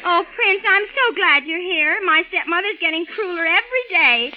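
A woman playing a sweet, naive young princess in a 1940s-style radio comedy, with a melodramatic, mock-innocent manner. The recording is dull and old, with loud music. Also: extremely high pitch, animated, normal speed, heavy background noise.

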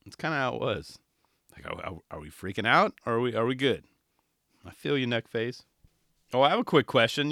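A man in his thirties rambling through a casual solo podcast with real enthusiasm. His voice is bright and swings widely in pitch, and the recording is dry and close. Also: dry recording. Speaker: podcast host.

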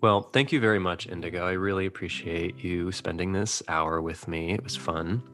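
A man with a fairly low voice hosts a casual interview. He rambles and hesitates, laughing often between his questions. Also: normal speed, fairly bright tone. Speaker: podcast host.

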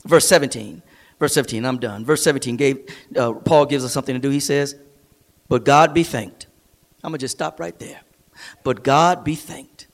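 A man's voice: medium pitch, moderate pace. A man preaching a sermon as a pastor, building emphasis through repeated phrases, in a church service streamed online. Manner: preaching with rising, emphatic repetition.

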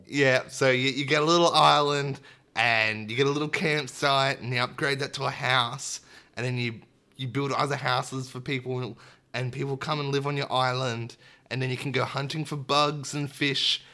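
A young man talks casually on a podcast. His voice is bright and forward, and his delivery is chatty and upbeat. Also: mid-range voice, fairly even intonation, normal speed. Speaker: podcast co-host. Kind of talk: casual chat.

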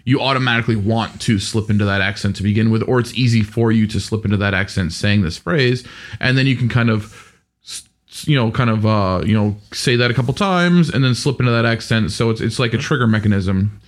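A man's voice: on the low side, a little fast. A man who runs a tabletop game, explaining in a rambling, casual podcast chat. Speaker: game master.

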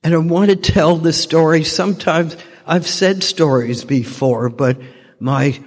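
An older man giving a heartfelt personal testimony as a speaker at a recovery fellowship meeting. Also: fairly high pitch. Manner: slow, heartfelt storytelling. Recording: long reverb from a large hall.

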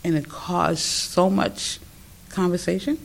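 An older man who runs a museum, telling stories in an animated, rambling way with many restarts during an interview. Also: high voice, slow pace, gravelly. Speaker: museum founder. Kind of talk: conversational interview.

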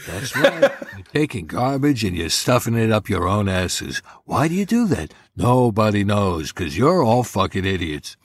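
A man's voice: lowish voice, very animated, moderate pace, hardly any pauses. A man doing a cranky, foul-mouthed old comedian. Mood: sardonic ranting. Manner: sardonic, scornful rant. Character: cranky profane older male comedian ranting down from heaven.

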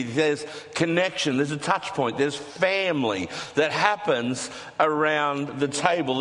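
A man preaching a sermon, relaxed and conversational, tossing playful asides to the congregation. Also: on the high side. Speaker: pastor. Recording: reverberant hall.

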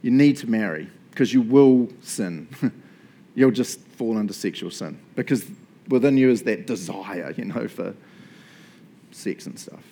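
A middle-aged man with a New Zealand accent, preaching a sermon in a chatty, animated way and laughing often between points. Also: fairly low pitch, unhurried, breathy edge. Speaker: pastor.

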